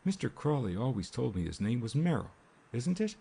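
A man's voice: medium pitch, very animated, brisk, creaky, warm tone, breathy edge, pitched above the performer's own voice, full character voice. A man voicing a frightened, timid young wife who speaks in a faltering way.

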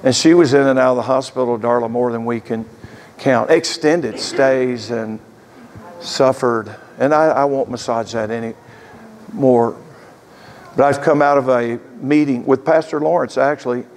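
A man's voice: medium pitch, steady tone, a little slow, darkish tone, slight background noise. An older man in his sixties, a pastor preaching a sermon as an earnest storyteller. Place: church sanctuary. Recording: echoey church hall.

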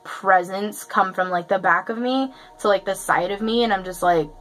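A woman's voice: mid-range voice, normal speed, a bit bright, rough recording. A young woman chatting through a story for her vlog, casual and profane, full of fillers. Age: young adult. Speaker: vlogger.

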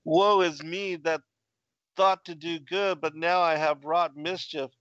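A man reading the lines of a grieving male donkey driver in a plain, measured way. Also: fairly high pitch, steady tone, fairly bright tone, no echo, highs cut off.

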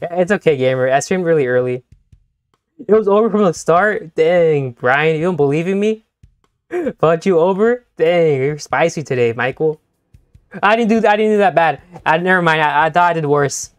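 Young-adult streamer, live gaming chat, playful and teasing, mid-pitched voice, dry close sound. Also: lively intonation, normal speed, no room sound, soft background music. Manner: playful, teasing, talks straight to chat, laughs often. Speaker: game streamer.

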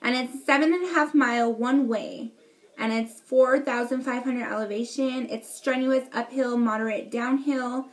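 Chatty young woman vlogger, higher voice. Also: moderate pace. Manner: chatty, excitable, lots of fillers and swearing. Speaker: beauty vlogger. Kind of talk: casual storytelling to camera.

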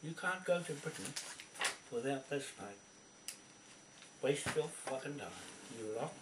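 A man's voice: medium pitch, animated, slow pace. Furious swearing man, distant and roomy. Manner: furious, swearing constantly, confrontational. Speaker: video poster. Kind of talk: angry rant to camera. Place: indoors at a computer. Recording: roomy, distant from mic, faint background noise.

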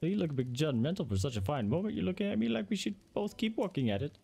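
A man voicing a flamboyant middle-aged male builder salesman in a sing-song, smarmy sales pitch. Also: big pitch swings, fast, creaky, mellow, breathy edge, full character voice.

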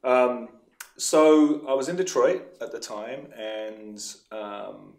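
A man's voice: medium pitch, slow pace, roomy sound. A man, a filmmaker guest, chatting in a podcast interview, rambling and enthusiastic with easy laughter, recorded in his studio space. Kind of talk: casual interview chat.

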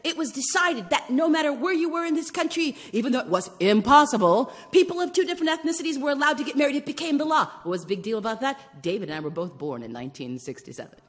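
A woman in her forties telling personal stories in a sermon, swinging between hushed whispers and loud exclamations. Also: high-pitched, expressive, fast talker, few pauses, big-room sound. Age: 40s. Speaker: guest preacher and storyteller. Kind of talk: storytelling sermon. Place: church sanctuary.

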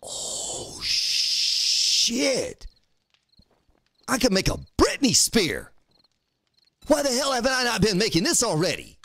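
A man's voice: high voice, huge pitch swings, normal speed, creaky, fairly bright tone, no room sound. A man casually commenting on his own gameplay on a live stream, talking to himself, swearing lightly, and thanking viewers by name. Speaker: game streamer.

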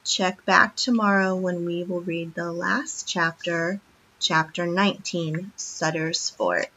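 Bright-voiced woman reading a story aloud. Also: fairly low pitch, steady tone, slow pace. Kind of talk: reading a children's book aloud. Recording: dull lo-fi recording.

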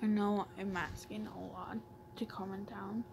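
A woman's voice: mid-range voice, level tone, measured pace, gravelly, noisy background. Rambling woman vlogger, many fillers. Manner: rambling, filler-heavy, often half-whispered. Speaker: YouTuber. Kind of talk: casual comic-reading vlog.

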